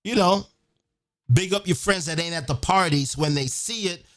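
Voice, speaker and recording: A man hosting an event, delivering an excited, profane monologue and half-singing some lines. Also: high-pitched, moderate pace. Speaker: event host. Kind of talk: excited monologue over a beat. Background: music.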